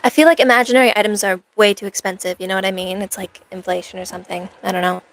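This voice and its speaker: A woman's voice: medium pitch, fairly even intonation, quick pace, fairly bright tone. A woman livestreaming in cosplay at home, chatting with viewers in rambling, sarcastic banter. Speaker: streamer. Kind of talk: in-character cosplay stream chat.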